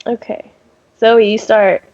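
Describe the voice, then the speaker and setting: Slow-talking teen girl with a cold. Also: on the high side, little pitch movement, a little mellow. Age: teens. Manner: laughs often, drawling and slow. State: coughing cold. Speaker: co-host. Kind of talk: casual interview chat. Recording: muffled call audio.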